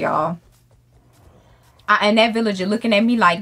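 A woman streamer giving loud, profane, excitable commentary while playing a game, shrieking when something startles her. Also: mid-range voice, moderate pace, pauses often. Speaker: gaming streamer. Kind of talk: let's play commentary.

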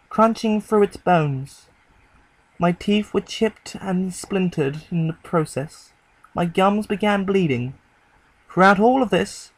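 A man narrating a horror story in a grim, measured storytelling delivery. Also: high-pitched, dry recording, rough recording. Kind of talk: dramatic horror story reading.

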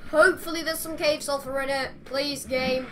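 Speaking at a moderate pace, a woman gamer keeps her high voice fairly even. She plays and comments in a chatty, exasperated way, talking to the creatures in her game.

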